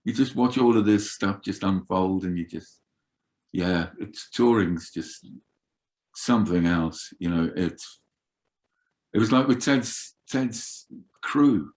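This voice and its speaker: An older man telling roadie stories in an animated, swearing way as an interview guest. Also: sits low, slow. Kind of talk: casual storytelling.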